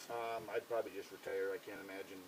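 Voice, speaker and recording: A man's voice: low voice, steady tone, fast talker, recorded from a distance, slight background noise, poor audio. A man co-hosting a casual sports podcast, bantering with dry teasing humor. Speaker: podcast co-host.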